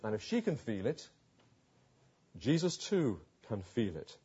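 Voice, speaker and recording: A man preaching a sermon, retelling a story with rhetorical questions and dramatic pauses. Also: medium pitch, very animated, warm tone, slightly rough, lo-fi sound.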